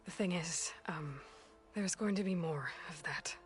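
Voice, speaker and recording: An actress voicing a determined young woman hunter who talks in a hushed, intense, blunt way. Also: on the low side, measured pace, faint music behind, lightly acted. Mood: resolute.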